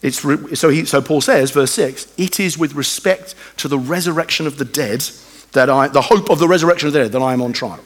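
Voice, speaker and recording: A man delivering a sermon in an easy, conversational manner, and his voice sits a little higher than most men's. He slips into quoted voices to make his points. His words ring out with a long reverb through a church hall. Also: brisk. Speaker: preacher.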